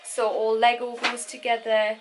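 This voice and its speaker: A woman's voice: fairly high pitch, monotone, moderate pace, background noise. A woman in her thirties, vlogging casually at home and explaining step by step how to sort a child's room. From England. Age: 30s. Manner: chatty, explaining a tidying method step by step.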